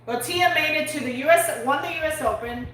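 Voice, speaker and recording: A woman co-hosting a live online sports talk show, chatty and quick to laugh. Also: high-pitched, fairly bright tone, slight background noise. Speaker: show co-host. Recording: distant, very echoey room.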